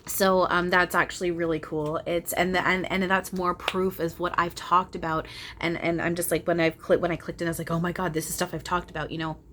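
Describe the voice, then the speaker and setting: Woman, young adult, lowish voice, earnest casual chat, animated, home recording, faint background hiss. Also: fairly quick. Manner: earnest and animated, frequent restarts and laughs. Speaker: spiritual channeler and video host. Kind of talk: casual spiritual chat to camera. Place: at home, small room.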